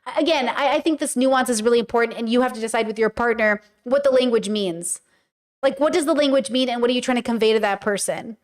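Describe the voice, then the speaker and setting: High-voiced woman in a chatty podcast monologue. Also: fast. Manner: chatty, frank, many fillers, acts out quoted speech; swears casually. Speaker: podcast host. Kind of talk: casual monologue to viewers.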